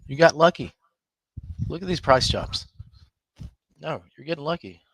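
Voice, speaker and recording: A man's voice: a little high, animated, measured pace, fairly bright tone, no room sound. A man hosting a live trading room, talking emphatically to his viewers, scolding them and laughing often.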